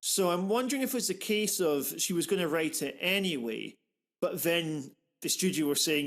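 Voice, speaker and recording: Animated man, high voice. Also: normal speed. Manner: animated, rambling, swears freely. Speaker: podcast host. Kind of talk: casual film discussion.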